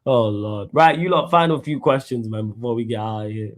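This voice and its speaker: Here is a man hosting a casual live stream. His talk is laid-back and full of laughing banter and slang. His voice sits at a middle pitch. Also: brisk. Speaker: host.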